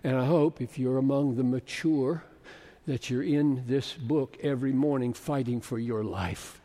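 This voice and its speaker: Slow, emphatic older male preacher in a big hall. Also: medium pitch. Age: 70s. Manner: slow, emphatic preaching that rises to loud bursts. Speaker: pastor. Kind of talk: sermon. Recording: long reverb of a large hall.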